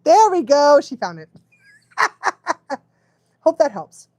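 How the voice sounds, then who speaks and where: A woman's voice: high voice, sing-song, takes it slowly, a little mellow, no echo. A woman dog trainer giving casual live advice, chatty, often laughing and checking in with the listener.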